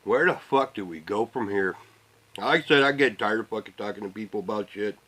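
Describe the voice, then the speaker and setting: A middle-aged man ranting casually to the camera, rambling and swearing, often trailing off into low mutters. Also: a little fast, a bit bright, poor audio. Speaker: vlogger.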